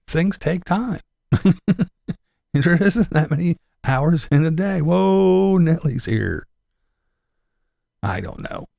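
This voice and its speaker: Gravelly man ranting about everyday hassles. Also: fairly high pitch, lively intonation, takes it slowly, pauses often, warm tone, no room sound, clean studio sound. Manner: rambling and sarcastic, swears a lot. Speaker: vlogger. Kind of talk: casual profane chat.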